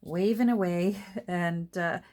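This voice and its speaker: Middle-aged woman, somewhat low voice, relaxed and chatty, talks to her craft supplies as she works. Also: slow pace. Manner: chatty and rambling, soft asides to her materials. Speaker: junk journal crafter and vlogger. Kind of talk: casual chat while crafting.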